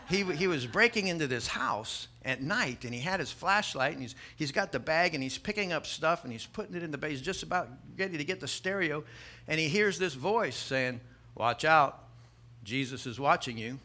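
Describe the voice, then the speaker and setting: A man delivers a sermon in a bright, lively-toned voice that sits a little high for a man. He speaks casually to his congregation, telling stories and often repeating his first words. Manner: conversational, storytelling with jokes; repeats words when starting sentences. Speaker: pastor.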